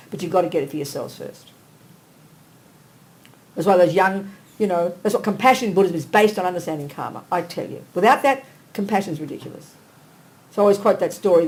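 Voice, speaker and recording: An older woman giving a Buddhist teaching in a blunt, emphatic, conversational way, swinging between quiet asides and animated bursts. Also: mid-range voice, low-quality recording. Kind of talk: dharma teaching talk. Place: teaching hall.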